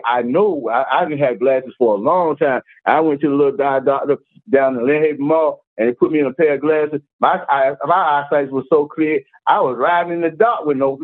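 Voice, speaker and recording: A man's voice: fairly high pitch, normal speed, no room sound. A man preaching an informal, folksy sermon, telling stories with many restarts and repeats. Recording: tinny phone-like line.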